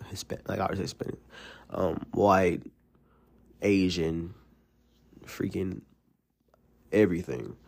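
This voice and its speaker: This is a man from Alabama with a Southern US accent, hosting his own podcast alone. His voice sits a little low, and he tells his stories in a rambling, animated way, full of fillers and restarts. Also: vocal fry. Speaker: podcast host. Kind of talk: casual solo podcast monologue.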